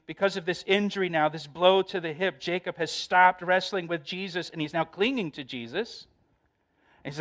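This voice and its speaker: A man's voice: high-pitched, moderate pace, a bit bright. A middle-aged male pastor preaching a sermon, repeating phrases for emphasis and raising his voice in quoted lines.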